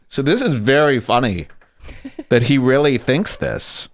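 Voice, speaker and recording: A man hosting a casual comedy podcast, riffing and mocking with quick laughs and put-on voices for the people he quotes. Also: medium pitch, noisy background. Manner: animated, mocking, laughs while talking, does voices for quotes. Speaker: podcast host.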